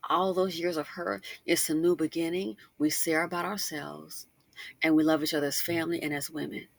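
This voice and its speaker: A middle-aged woman hosting a casual commentary monologue, chatty and animated, full of asides and emphatic rhetorical questions. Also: sits low, a little fast, vocal fry, dry recording. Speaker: commentary channel host.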